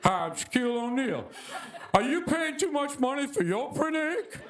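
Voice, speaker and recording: A man voicing a very tall male celebrity pitchman in a mock-sincere sales pitch, with audience laughter around him. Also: sing-song, normal speed, a bit bright, exaggerated voice. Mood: earnest pitch.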